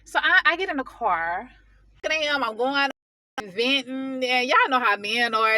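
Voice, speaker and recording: Casual woman vlogger, fairly high and bright, venting hard in slangy talk. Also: measured pace. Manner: animated, venting, heated. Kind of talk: casual storytelling vlog.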